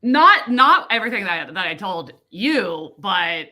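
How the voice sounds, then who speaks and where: A woman's voice: medium pitch, measured pace. A woman chatting casually on a video call, telling a work story with lots of acted-out quotes. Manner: animated storyteller, acts out quoted people. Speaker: co-host of a reading sprint livestream. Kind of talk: casual chat.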